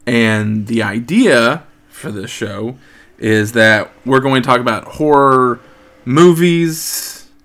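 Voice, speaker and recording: Man in his thirties, podcast host, casual chat, jokey, rambling, middle-pitched voice. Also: takes it slowly, a bit bright. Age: 30s. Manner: joking, rambling, with frequent ums.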